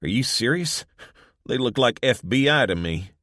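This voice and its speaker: A male narrator voicing a blunt, suspicious young man in an audiobook, talking rough. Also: mid-range voice, animated, moderate pace, a bit bright, no room sound, studio quality, pitched above the performer's own voice. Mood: hostile. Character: brash suspicious young man, armed son.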